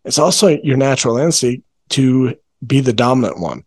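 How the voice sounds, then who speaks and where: A man with a voice of ordinary middle pitch, talking as a parenting coach in a relaxed podcast chat. He explains ideas earnestly and slows down to stress his key points. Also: husky.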